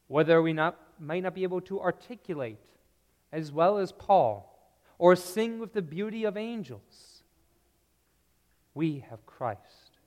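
Guy preaching real slow, earnest, goes quiet on the big lines, church echo all around. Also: clear, resonant tone. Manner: slow, earnest preaching with deep, quiet drops at key phrases. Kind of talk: sermon. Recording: long reverb of a large hall.

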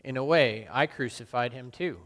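A man playing the apostle Peter, a burly fisherman full of guilt, in a solemn, halting dramatic monologue. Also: medium pitch, fairly bright tone, lightly acted. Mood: remorseful. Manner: solemn, halting and self-questioning. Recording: long reverb in a large hall.

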